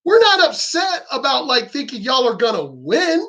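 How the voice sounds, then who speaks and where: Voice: high voice, big pitch swings, unhurried, bright, forceful tone. A vlogger ranting angrily about politics, swearing often and mocking opponents. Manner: profane, heated, sarcastic, mocks opponents in quoted voices. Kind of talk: angry ranting commentary.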